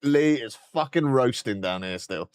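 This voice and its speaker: British man, hoarse sore throat, casual streamer chat, swears a lot, dry close sound. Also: medium pitch, expressive, a little slow, no room sound. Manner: sweary, rambling, clears throat often. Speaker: game streamer.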